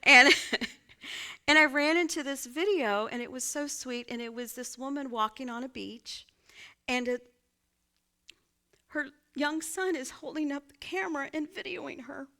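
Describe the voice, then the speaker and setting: A woman pastor with a high voice delivers a sermon in a church sanctuary, weaving in a personal story. She talks a little slowly with long pauses, keeping a warm, conversational feel and frequently checking with her listeners by asking "right?"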